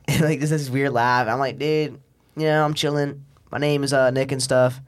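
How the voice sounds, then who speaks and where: A man's voice: medium pitch, fairly even intonation, fairly quick, clear, resonant tone. A young man as a podcast guest, telling a long story in a rambling, profane way and acting out the people in it. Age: young adult. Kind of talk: casual storytelling.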